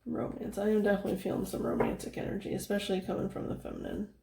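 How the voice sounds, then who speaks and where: A young woman giving a casual tarot reading, soft-spoken and chatty, laughing often and filling her talk with "like". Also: mid-range voice, little pitch movement, rapid-fire, creaky, reverberant. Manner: giggly, chatty, soft-spoken, with frequent fillers. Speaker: tarot reader.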